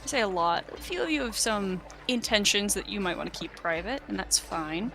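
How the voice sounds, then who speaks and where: A woman's voice: medium pitch, lively intonation, brisk, creaky, bright, forceful tone, faint music behind. A young woman in a casual, laughing way leading a tabletop game as game master. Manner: casual, laughing, loose with fillers. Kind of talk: running a tabletop game session.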